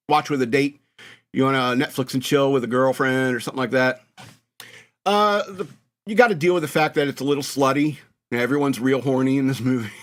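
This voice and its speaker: An American man hosting a radio show, talking in a rambling, mocking monologue and laughing at his own jokes. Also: medium pitch. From United States. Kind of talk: casual comedic monologue.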